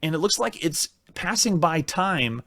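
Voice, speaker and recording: A man hosts a retro game playthrough, talking his way through each typed command. His voice sits a little high, and he mocks his own fumbles in a chatty, thinking-aloud way. The sound is dry and close, with no room echo. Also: animated, unhurried, sharp tone. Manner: thinks aloud while typing commands, chatty and self-mocking. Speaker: host. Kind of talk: retro game let's-play commentary.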